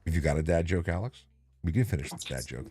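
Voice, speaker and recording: A man's voice: low-pitched, fast, darkish tone, breathy edge, no echo. A man hosting a casual livestream, chatty and joking, laughing easily. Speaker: show host.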